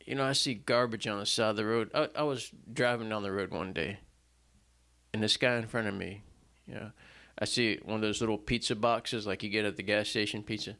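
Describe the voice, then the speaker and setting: At a small home stage setup, a singer-songwriter speaks briskly into a stand mic in front of him between songs, his lowish voice steady in tone yet sharp. The talk is casual and rambling, self-deprecating, and full of fillers and false starts.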